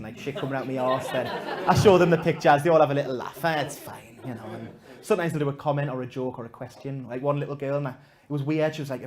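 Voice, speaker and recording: Male stand-up comic, middle pitch, self-deprecating storyteller with loud punchlines and hushed asides. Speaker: stand-up comedian. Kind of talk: stand-up storytelling to a live audience. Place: comedy gig before a live audience.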